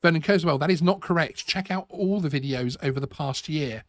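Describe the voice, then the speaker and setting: A man's voice: a little high, dry recording, clean studio sound. A man hosting a live stream, talking casually with many restarts and a sarcastic edge. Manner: halting, repeats words, sarcastic. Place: home studio.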